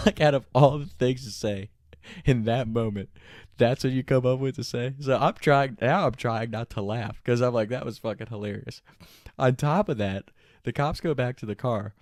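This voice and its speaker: A young man casually telling a funny, profane story, animated and laughing often. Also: mid-range voice, normal speed, dry recording, clean studio sound.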